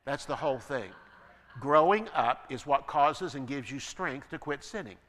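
A man preaching a sermon as pastor, building to emphatic peaks and then dropping to quiet asides. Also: mid-range voice, expressive, normal speed, in a large hall. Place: church.

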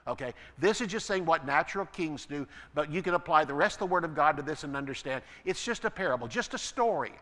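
A pastor preaches to his congregation in a bright, ringing voice, pitched a little higher than most men's. He swings from emphatic climbs down to soft, low asides. The sound carries a long reverb from the church hall. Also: expressive, fast, hardly any pauses. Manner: preaching with rising emphasis, then dropping to a quiet aside. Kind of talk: sermon.

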